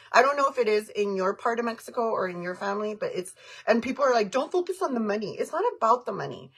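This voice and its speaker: A woman talks to her livestream viewers in a frank, heated and rambling way. Her voice is husky and mid-pitched. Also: fairly bright tone. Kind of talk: casual livestream chat, answering comments.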